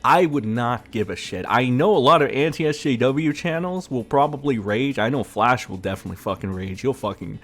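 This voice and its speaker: A man's voice: medium pitch, expressive, normal speed, few pauses. A man giving a profane, sarcastic rant as a gaming commentator. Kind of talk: ranting commentary vlog.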